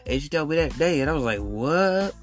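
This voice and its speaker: A man's voice: on the high side, very fast, faint music behind. A man hosting a podcast, telling a story in a casual, emphatic way, full of slang and repeated phrases. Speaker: podcast host.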